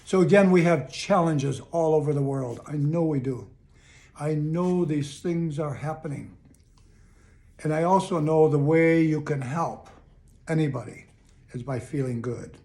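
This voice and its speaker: A man's voice: a little high, unhurried, gravelly, a little mellow. An older man giving a casual, earnest, upbeat motivational talk to camera, often repeating his phrases. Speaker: motivational video host. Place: home in Chicago.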